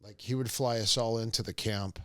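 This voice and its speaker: A middle-aged man, a martial arts coach, guesting in a casual interview and telling stories in an animated way, acting out what others said. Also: on the low side, a little fast. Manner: animated, acts out quotes of others.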